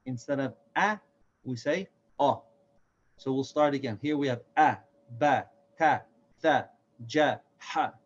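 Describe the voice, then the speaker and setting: Male instructor, slightly high pitch, patient and methodical, muffled lo-fi sound. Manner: patient, repeats each sound slowly for learners. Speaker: Quran reading teacher. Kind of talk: step-by-step recorded lesson. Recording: dull lo-fi recording.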